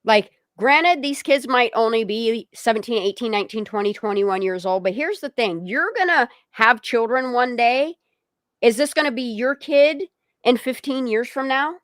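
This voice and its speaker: A woman's voice: on the high side, normal speed, fairly bright tone, no room sound. A woman hosts a casual livestream with a dry, close sound. She speaks in a blunt, heated way and swears freely. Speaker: livestream host.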